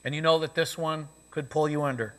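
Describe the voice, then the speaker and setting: A man's voice: fairly high pitch, fairly even intonation, fairly quick. A male pastor preaching a sermon in a conversational way, often saying "you know," in a church sanctuary. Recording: long reverb of a church sanctuary.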